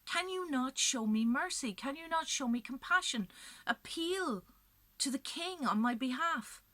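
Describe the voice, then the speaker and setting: A woman storyteller voicing a heavily pregnant magical woman who pleads for mercy and curses slowly. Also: low-pitched, dry recording, exaggerated voice. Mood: desperate. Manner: pleading, then cursing in a slow, hushed voice.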